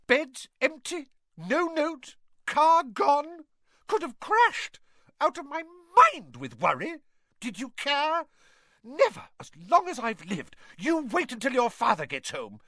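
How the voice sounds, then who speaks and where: A man voicing a furious middle-aged mother who scolds her sons in shrill shouts. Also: big pitch swings, moderate pace, dry recording, clean studio sound. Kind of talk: audiobook character voice.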